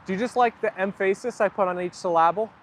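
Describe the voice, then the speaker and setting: Male live-stream host, high voice, casual and chatty; reads viewer comments aloud and answers them. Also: quick pace, a little hiss or hum.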